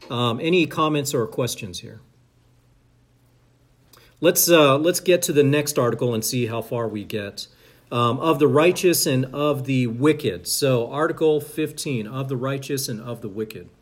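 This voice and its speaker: A man leading a Bible study, reading scripture aloud and explaining it with frequent fillers and restarts. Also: medium pitch.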